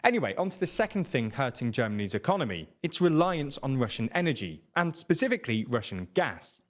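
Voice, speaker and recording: A man narrating a scripted news explainer in a measured, informative way. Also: mid-range voice, sing-song.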